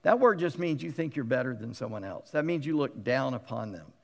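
A middle-aged male pastor preaching a sermon in a conversational, animated way, acting out quotes with humorous asides. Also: mid-range voice, fairly quick, gravelly. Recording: long reverb of a large hall.

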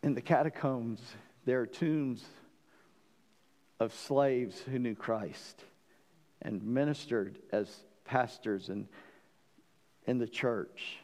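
A man's voice: medium pitch, slow pace, long pauses, darkish tone. Earnest male pastor preaching in a reverberant hall. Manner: earnest, stammering restarts, building to emphatic peaks. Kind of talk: sermon.

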